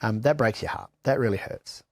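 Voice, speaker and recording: A man's voice: on the low side, fairly quick, creaky, darkish tone, no echo, studio quality. A middle-aged Australian man giving blunt, candid personal testimony in an interview, swearing freely and often restarting his sentences. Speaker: interview guest.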